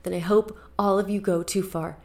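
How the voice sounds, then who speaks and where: A woman's voice: medium pitch, steady tone, moderate pace, vocal fry, darkish tone, close to an everyday voice. A woman voicing a poised female magazine editor addressing her staff, in a put-on Cockney-tinged English accent with a mock-formal delivery. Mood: earnest. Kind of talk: comic reading of a quoted speech.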